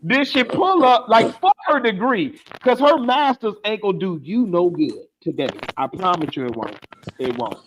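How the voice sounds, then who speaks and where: High-voiced guy on a podcast, swooping all over, cussing and ranting for laughs. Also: animated, moderate pace, noisy background. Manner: comedic, profane, exasperated ranting. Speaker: podcast co-host. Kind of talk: casual podcast rant.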